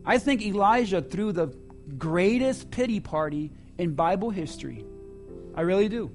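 A man preaching a sermon to his church, swinging between loud emphasis and hushed asides. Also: high voice, animated, moderate pace, soft background music. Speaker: pastor.

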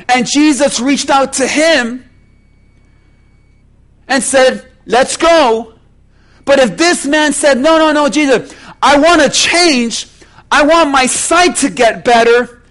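High-voiced, slow-preaching pastor. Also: male voice, a bit bright. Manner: preaching with slow, emphatic delivery and rhetorical questions. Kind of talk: sermon.

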